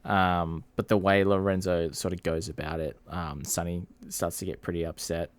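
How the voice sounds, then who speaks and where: A man's voice: low voice, level tone, normal speed, clear, resonant tone. A man co-hosting a film review podcast, recapping the plot in an easygoing way and glancing at his notes. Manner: laid-back, with fillers and small restarts, checking his notes. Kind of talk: casual film recap chat.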